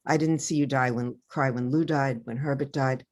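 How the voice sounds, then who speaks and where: An older woman author in an interview, telling personal stories in a lively way and acting out the voices of the people she quotes. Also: a bass voice, moderate pace. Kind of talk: storytelling interview over video.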